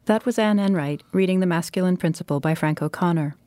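A woman hosting a podcast, reading a scripted announcement in a calm, even delivery. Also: fairly low pitch, quick pace, no echo. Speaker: podcast host and editor. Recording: faint music bed underneath.

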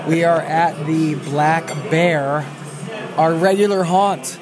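A man's voice: on the high side, steady tone, takes it slowly, background noise. A man chatting casually in a pub, laughing easily. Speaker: podcast host. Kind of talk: casual chat. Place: pub with a soccer game on. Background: music.

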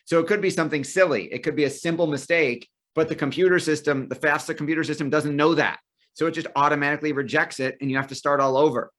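A man working as a financial aid planner, answering interview questions in a brisk, explanatory way. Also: on the high side, steady tone, fairly bright tone. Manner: explanatory, brisk, tells client stories.

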